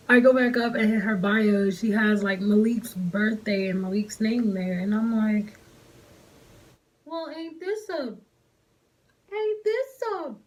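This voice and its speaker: In poor-quality audio, a woman tells a personal story for a vlog. She's animated and slangy, and her pitch jumps up whenever she quotes someone.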